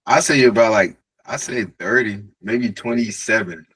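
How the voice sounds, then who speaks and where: A man's voice: medium pitch, a bit bright, breathy edge, poor audio. A man from the community asking questions in a casual chat, laughing easily and following up eagerly.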